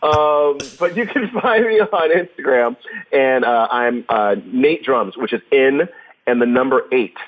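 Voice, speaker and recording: A man chatting as a guest on an interview podcast, telling stories in an animated, jokey way. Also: mid-range voice, measured pace, narrow, tinny audio. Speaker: guest drummer. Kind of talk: casual interview chat.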